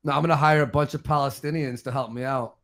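A man chatting on an online show, crude and provocative, tossing out joking schemes. His voice sits at an ordinary middle pitch. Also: fairly even intonation, quick pace, a loud crowd. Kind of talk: casual profane group chat.

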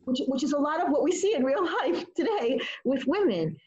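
Expressive woman teacher, muffled audio. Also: high voice, brisk. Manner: expressive, animated retelling. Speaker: teacher leading a study session. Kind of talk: informal teaching talk.

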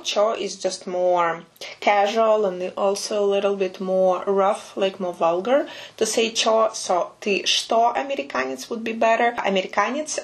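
A woman teaching phrases to English-speaking learners, speaking natively. She breaks each word down patiently and repeats it slowly and precisely. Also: mid-range voice. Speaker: Russian language teacher. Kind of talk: language lesson commentary.

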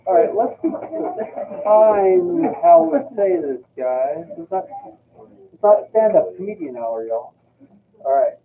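A man's voice: sits high, sing-song, takes it slowly. A man, a teacher leading a class critique in a direct, coaching way. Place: school classroom. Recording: tinny, distant, noisy room.

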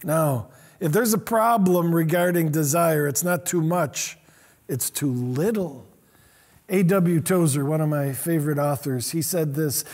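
A middle-aged man preaching a sermon as pastor, animated, often acting out the quotes he reads. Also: on the high side, measured pace.

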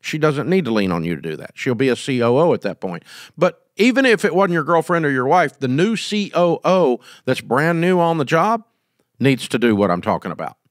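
A man's voice: a little high, big pitch swings, fairly quick, no room sound, studio quality. A middle-aged man, hosting and giving business advice in a casual, folksy, emphatic way. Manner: folksy, emphatic, acts out quoted scenes.

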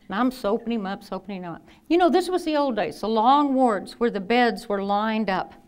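A woman in her fifties, a nurse telling lively anecdotes in a talk and acting out the people she quotes. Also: a little high, moderate pace, smooth. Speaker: nurse and speaker. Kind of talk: storytelling talk.

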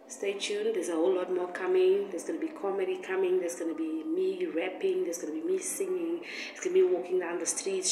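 A woman's voice: lowish voice, background noise. A woman street singer speaking to her viewers with earnest, determined encouragement, recorded outdoors on a street. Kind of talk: motivational vlog address. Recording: roomy, distant mic with faint street ambience.

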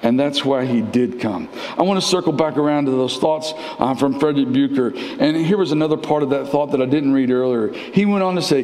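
Guy preaching live in church, kinda high voice, big echoey hall sound. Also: a little mellow. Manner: conversational preaching, repeats phrases, rises in pitch for emphasis. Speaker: pastor. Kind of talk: live sermon. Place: church sanctuary. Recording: roomy church with long reverb.

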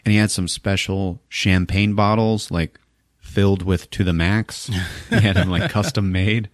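A man's voice: sits low, a little slow, dry recording, clean studio sound. A man hosting a podcast, retelling a movie casually with laughter and swearing. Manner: laughing, profane, animated retelling. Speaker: podcast host.

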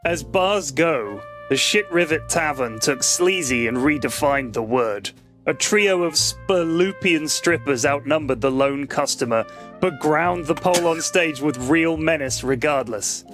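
A man on a podcast reading a comedic sci-fi story aloud to co-hosts, in a mostly deadpan delivery. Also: fairly high pitch, measured pace, soft background music.

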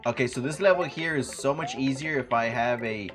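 A young man streaming a retro game, chatting casually, swearing a lot and breaking into loud outbursts, saying he is sleepy. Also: mid-range voice, brisk, music in the background. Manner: profane, rowdy, loud outbursts and laughing.

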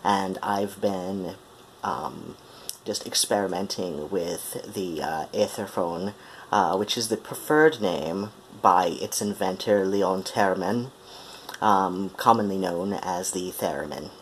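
In a weary vlog, a young musician from Ohio, USA, introduces himself in a transatlantic accent, hesitating often with ums and pauses. His voice sits low, and there is a little background noise.

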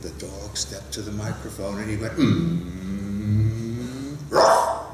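A man in his sixties reading his rhyming picture book aloud with a lively, rhythmic delivery at a conference. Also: fairly low pitch, a little fast, a loud crowd. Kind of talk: animated storybook read-aloud in rhyme. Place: conference hall. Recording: roomy hall, mic at a distance.

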